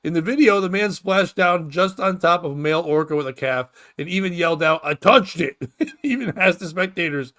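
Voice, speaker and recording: A man hosting a comedy podcast reads news stories aloud and rants about them, profane and animated, laughing at his own jokes. His voice sits high and moves a little fast.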